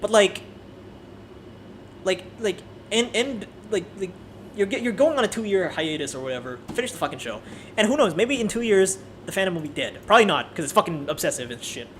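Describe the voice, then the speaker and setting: A man giving a casual, animated and profane ranting review, often restarting his sentences. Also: high voice, fairly quick, slight background noise. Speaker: anime video creator.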